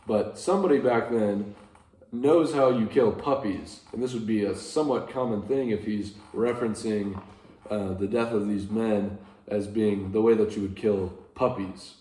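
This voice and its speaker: A man's voice: lowish voice, moderate pace, warm tone. A man casually retelling an ancient epic as a lecture, rambling and correcting himself, with dry asides. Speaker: teacher retelling a classic epic. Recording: echoey room.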